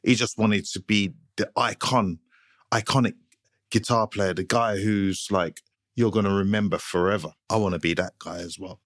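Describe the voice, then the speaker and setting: A man's voice: fairly low pitch, steady tone, moderate pace, a bit bright, dry recording, studio quality. A man guest in a casual interview, telling stories in an easygoing, anecdotal way. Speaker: guitarist, guest.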